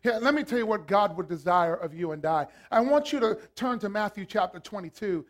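A man preaching a sermon as a pastor, swinging from hushed lines to shouted ones. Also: high voice, animated, brisk.

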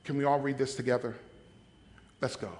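A man preaching a sermon as pastor, dramatic, swinging from hushed asides to shouts. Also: mid-range voice, flat delivery, fairly quick, long reverb tail, slight background noise.

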